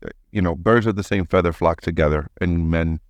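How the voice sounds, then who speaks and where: A man hosts a podcast in a very low voice, recorded dry and close. He reacts to his guest with emphasis and repeats phrases for effect. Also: brisk, no echo. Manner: emphatic, repeats himself, laughs along. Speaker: podcast host. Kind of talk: casual podcast conversation.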